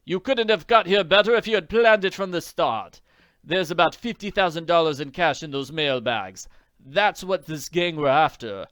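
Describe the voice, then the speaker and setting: A man's voice: a little high, moderate pace, clear, resonant tone, no room sound, studio quality, voice pushed up, lightly acted. A man voicing a hearty gloating mail pilot. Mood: grateful. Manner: gloating, loud.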